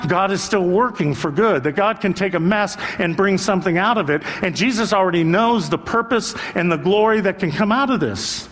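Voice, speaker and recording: Speaking at a normal speed with hardly any pauses, an older male pastor delivers an earnest sermon in a conversational style, repeating himself for emphasis. His voice is high for a man and fairly bright, with long reverb like a big hall.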